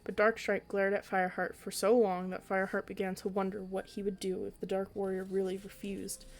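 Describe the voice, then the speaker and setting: A woman reading a children's book aloud for a storytelling podcast, in an even way with an occasional slip and restart. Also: mid-range voice, brisk, a little hiss or hum.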